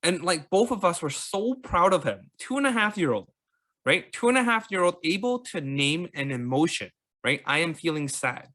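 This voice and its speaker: Rambling Canadian man with a bright voice. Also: fairly high pitch, expressive, normal speed. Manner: rambling, lots of fillers and repeated words. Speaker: podcast host. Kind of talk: casual conversational chat.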